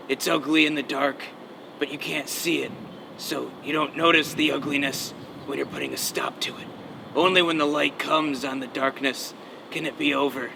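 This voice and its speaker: A man putting on a brooding caped crusader of a comedy sketch, heavy with grinding gravel in every word. He talks grim and self-serious, with a slightly raised pitch. There is a steady hiss of outdoor noise behind him. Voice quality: gravelly, growled. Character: brooding male costumed campus vigilante, gravelly. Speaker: costumed vigilante. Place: outdoors at night. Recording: noisy outdoor recording.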